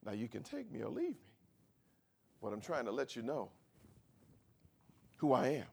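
A man's voice: medium pitch, wildly swooping pitch, moderate pace, creaky, darkish tone, breathy edge, pitched below the performer's own voice, heavily acted. A preacher speaking as Jesus, patient and sure of his authority. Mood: earnest. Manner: earnest, explaining himself directly. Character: Jesus, grown man, patient authoritative teacher.

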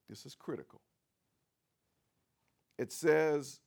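A man preaching a sermon as pastor, with a repetitive cadence that swings from loud outbursts to hushed asides. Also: a little high, lively intonation, measured pace, gravelly.

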